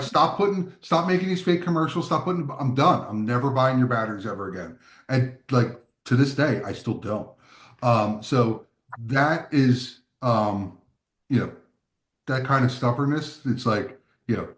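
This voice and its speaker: A man's voice: mid-range voice, reverberant. A man talking as a guest on a group talk show, wry and self-mocking. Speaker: guest photographer. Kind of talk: casual group chat.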